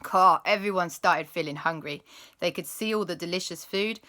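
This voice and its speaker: A woman telling a children's story as host, animated and dropping into spooky whispers. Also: on the low side, moderate pace.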